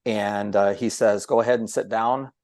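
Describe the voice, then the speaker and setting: A man guest on a podcast, telling a story about his broadcasting start in a lively, chatty way and acting out what others said. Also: on the low side, moderate pace, no echo, clean studio sound. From Ohio. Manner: animated storyteller who acts out quoted voices. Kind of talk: storytelling in casual chat.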